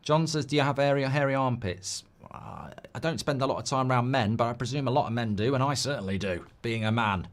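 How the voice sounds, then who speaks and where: A man hosting a live football stream, talking loosely and rambling between match moments. He reads viewer comments aloud in a steady, mid-range voice. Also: mid-range voice, fast, few pauses. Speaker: host. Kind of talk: live football watchalong chat.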